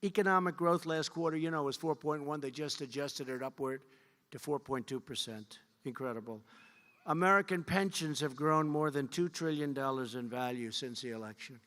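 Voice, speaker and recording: A man's voice: fairly high pitch, moderate pace, a bit bright. A man giving a rally speech at a fundraiser, repetitive, boastful and rambling. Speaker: political speaker at a fundraiser. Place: large event hall. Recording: long hall reverb.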